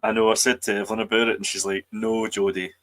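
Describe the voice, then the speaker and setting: A man's voice: on the low side, flat delivery, rapid-fire, fairly bright tone, low-quality recording. A man co-hosting a podcast, chatting casually about films and TV with wry, dry remarks. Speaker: podcast co-host.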